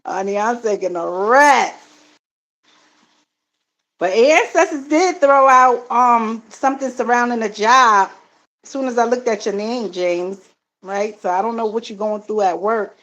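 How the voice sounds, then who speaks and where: A middle-aged woman with a somewhat high voice is talking loosely on a live stream. She reads viewers' comments aloud, answers them, calls the viewers family and fills her pauses with "um" and "mm-hmm". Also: a bit bright, rough recording. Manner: addresses viewers as family, frequent fillers. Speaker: live-stream host and card reader. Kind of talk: casual live-stream chat.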